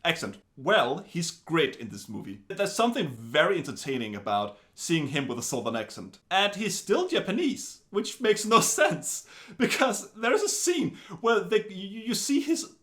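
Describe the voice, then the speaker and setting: A man giving a casual film review in an animated, wry way, full of chatty asides. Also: high voice, moderate pace.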